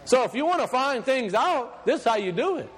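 A man preaching a sermon, emphatic, reading scripture slowly and deliberately. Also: very high voice, sing-song, slightly rough, big-room sound.

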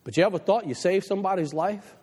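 A man preaching a passionate sermon to his church, dropping low and quiet for the advice he quotes, then climbing again. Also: quick pace, breathy edge, long reverb tail. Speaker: pastor. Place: church sanctuary.

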